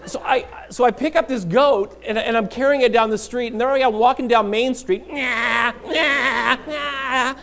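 A man's voice: extremely high pitch, a little fast, few pauses. A middle-aged man, a pastor preaching a sermon, telling a funny story with frequent laughs. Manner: animated storyteller, often laughing.

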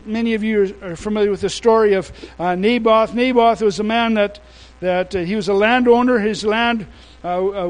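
A man's voice: high-pitched, low-quality recording. A man preaching a sermon, retelling a story in a folksy, slangy way and often restarting his sentences. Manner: informal storytelling with casual slang; halting, with many restarts.

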